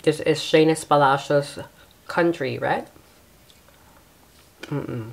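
A woman with a Filipino accent hosts a casual pageant reaction, talking in a low, deep-set voice. She takes her time and fills the gaps with quiet hums. Her manner is soft and often apologetic. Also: slow pace, gravelly. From Philippines.

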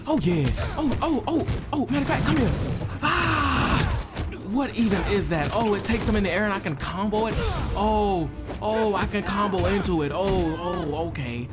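Hyped man with a lively voice, gaming. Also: high-pitched, normal speed, over loud music. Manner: excitable, hyped, slangy trash talk at enemies. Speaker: gaming streamer. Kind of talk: casual let's-play commentary.

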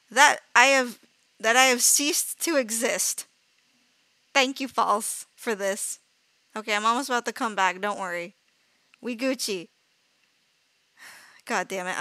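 A woman's voice: on the high side, unhurried, long pauses, pushed and bright, dry recording. A woman streaming a horror game live, jumpy and easily frightened. She laughs nervously, shrieks when scared, swears casually and keeps apologizing to her viewers. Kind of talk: live gameplay commentary.

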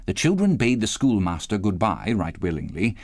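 A man reading a classic novel aloud as an audiobook narrator, with expressive, varied delivery. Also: fairly low pitch, normal speed, no room sound, clean studio sound. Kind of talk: scripted narration.

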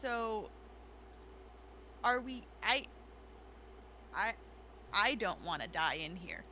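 A woman playing a tabletop role-playing game, who talks in an animated, jokey way. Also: medium pitch, slow, slight background noise. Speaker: player. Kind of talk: casual tabletop game chat.

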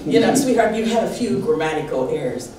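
A woman pastor preaching a sermon with call and response from the congregation, animated and laughing often. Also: sits low, a little fast, a little hiss or hum. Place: church sanctuary. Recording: echoey church hall, distant mic.

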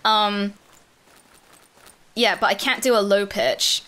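A woman co-hosting a gaming stream, chatting in an excitable, teasing way and laughing easily. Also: medium pitch, slow pace. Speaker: gaming video co-host. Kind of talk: casual chat while gaming on a stream.

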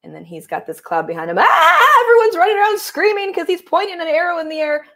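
A woman's voice: extremely high pitch, very animated, fast talker, bright, forceful tone. A woman reading a picture book aloud over a video call, laughing often and poking fun at herself. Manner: giggly, self-deprecating, laughs often. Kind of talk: storytime reading with chat.

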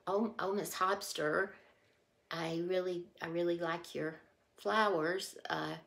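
A man's voice: sits high, fairly even intonation, slow pace, creaky, a bit bright, full character voice. A woman voicing a polite, flustered male delivery man who stammers awkwardly.

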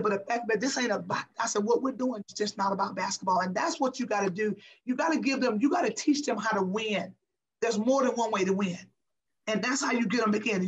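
A woman's voice: fairly high pitch, rough recording. A middle-aged woman, a former basketball player, talking passionately and emphatically as a guest in an interview. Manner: passionate, emphatic, repeats herself. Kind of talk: casual interview talk.

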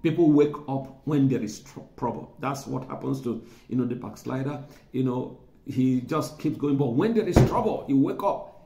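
A man preaching a sermon in a chatty, teaching way, driving points home by repeating words. His voice has a gravelly edge at a middle pitch. The sound is roomy and echoey. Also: warm tone. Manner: conversational, repeats words for emphasis, chuckles.

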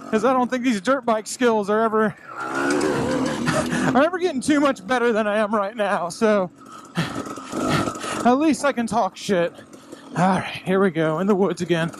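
A fairly high-voiced man rides a dirt bike through the woods and talks to himself the whole way. He is out of breath, swears a lot and keeps making fun of himself. A loud engine roars under every word he says. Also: huge pitch swings, unhurried, long pauses. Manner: profane, self-mocking, talkative. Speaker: dirt bike racer vlogging. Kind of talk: casual self-talk commentary while riding. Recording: loud engine noise behind the voice.

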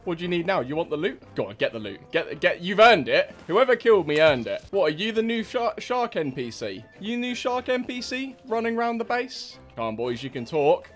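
A man's voice: on the high side, very animated, a little fast, hardly any pauses, faint music behind. A young man taunting other players over game voice chat in a cheeky, mocking way, full of slang. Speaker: game streamer.

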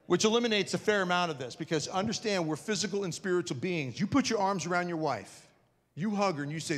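A man giving a conference talk to an audience, telling a funny personal story in an animated, self-mocking way and acting out scenes. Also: high voice, fast. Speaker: conference speaker. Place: large parish hall with an audience. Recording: reverberant hall.

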